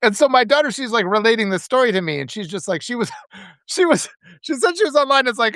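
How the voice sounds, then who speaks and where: Animated middle-aged man, rambling chat. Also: extremely high pitch, fast talker, no echo, clean studio sound. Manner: rambling, animated, frequent restarts and laughs. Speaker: author and live-stream host. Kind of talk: casual live-stream chat.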